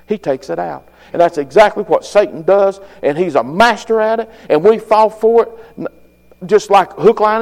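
A preacher delivers a fervent sermon in a high voice, folksy and plain-spoken. On key phrases he swells louder and higher, and a long hall reverb hangs on the sound.

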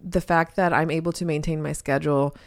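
Woman, podcast co-host, deep voice, candid and animated, dry close sound. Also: a little fast, dry recording. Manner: candid, animated, swears casually. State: new mother. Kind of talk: casual chat.

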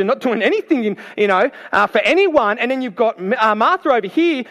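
A man preaching a sermon, telling the story in a lively, playful way and acting out the people in it. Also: sits high. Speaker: pastor.

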